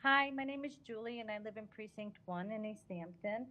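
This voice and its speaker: A woman's voice: medium pitch, brisk, sharp tone, low-quality recording. A woman, giving a prepared public comment at a city council meeting and reading her statement earnestly.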